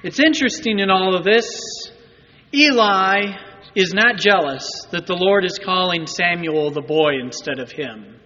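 High, bright-voiced male pastor preaching. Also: a little slow, big-room sound, highs cut off. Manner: conversational, asks the congregation rhetorical questions. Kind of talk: sermon.

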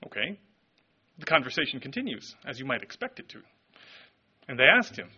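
A man preaching a sermon, telling the story in an animated, expressive way. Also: mid-range voice, a little fast, pauses often, husky, highs cut off. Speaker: pastor.

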